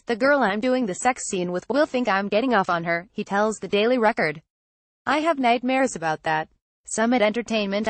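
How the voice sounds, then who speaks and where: A woman narrates a news roundup at a middle pitch, reading quotes aloud. Her delivery is even and matter-of-fact. The recording is dry, with no room sound around her. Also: dry recording.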